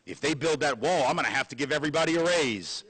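A man's voice: a little high, lively intonation, fast, fairly bright tone, husky, dry recording. A man mocking a greedy male company boss who grudgingly gives in.

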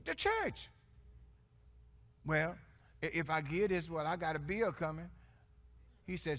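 A man's voice: a little high, lively intonation, measured pace, pauses often, a bit bright. A male pastor preaching a sermon with call-and-response, playful and laughing with the congregation.

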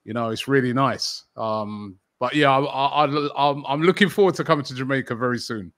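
A middle-aged man with a London accent talks easily in an interview and often breaks off into fillers and restarts. His voice sits at a middle pitch. It is recorded dry and close, with no room echo. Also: moderate pace, fairly bright tone. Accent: London English. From England. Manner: chatty, frequent fillers and restarts. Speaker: football channel host, interview guest. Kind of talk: casual interview conversation.

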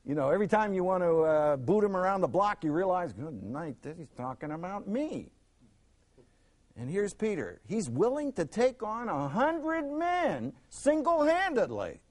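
A male Bible teacher with a fairly high voice that leaps and dips all over as he teaches. He swings from loud emphasis down to a near hush and acts out the people in his stories. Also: very animated, normal speed, few pauses. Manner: acts out quoted speakers in the stories. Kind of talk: Bible lesson.

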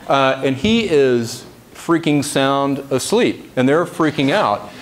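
A man's voice: mid-range voice, animated, slow pace. A man giving a casual, conversational sermon in a church service, often checking in with the congregation. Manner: conversational, chatty asides, frequent "right?" to the congregation. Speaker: preacher.

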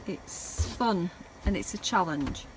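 A woman's voice: fairly low pitch, expressive, slow pace, noisy background. A woman chatting cheerfully and laughing while cooking in a camper van. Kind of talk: casual chat. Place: camper van outdoors at a campsite.

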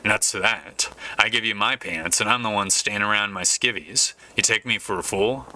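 A man's voice: lowish voice, moderate pace, pushed and bright. A man voicing a blunt, short-tempered gangster who brushes people off. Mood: gruff. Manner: gruff and blunt.

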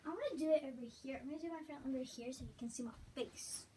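Hohe, plaudernde Frauenstimme im Vlog. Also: female voice, high-pitched, very fast, slight background noise. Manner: rambling, drops into soft whispery asides. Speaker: vlogger teaching gymnastics. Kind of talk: casual chatty tutorial vlog.

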